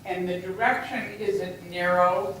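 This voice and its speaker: Thoughtful low-voiced woman, echoey room. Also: steady tone, a little hiss or hum. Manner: thoughtful, measured. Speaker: congregant sharing a reflection. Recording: echoey room picked up from far off.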